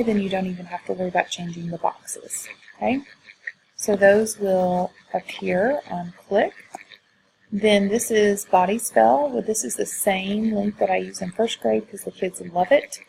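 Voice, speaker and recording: A woman's voice: medium pitch, gravelly, warm tone, slight background noise, rough recording. A woman teacher walking through her lesson slides, explaining how she uses them, with frequent fillers. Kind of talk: screen-recorded teaching walkthrough.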